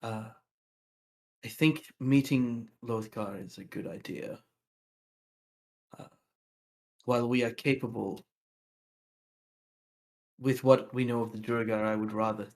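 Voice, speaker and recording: A man voicing an earnest young woman adventurer, who speaks in a measured, sincere way. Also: on the low side, steady tone, creaky.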